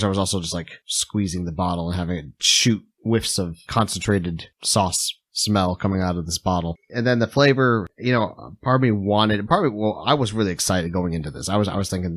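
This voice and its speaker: Lower-voiced man giving tasting notes. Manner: thoughtful, describes flavors with hesitations. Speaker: podcast co-host. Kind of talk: casual podcast chat.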